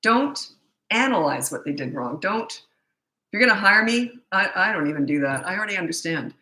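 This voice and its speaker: A woman's voice: fairly low pitch, lively intonation, brisk, sharp tone. A middle-aged woman hosting a live parenting Q&A, chatty, blunt and self-deprecating as she answers viewer questions. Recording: echoey room.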